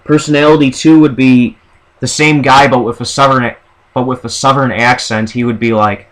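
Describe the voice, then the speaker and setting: A man's voice: mid-range voice, steady tone, moderate pace, a bit bright, poor audio. A man vlogging, rambling through a list of show ideas in a casual monologue. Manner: rambling, with fillers and restarts.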